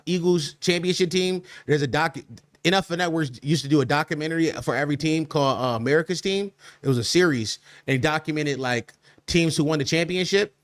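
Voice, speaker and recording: A man's voice: fairly high pitch, fairly bright tone, no room sound. A young man hosting a livestream podcast, talking loosely in slang and reacting to chat with laughs.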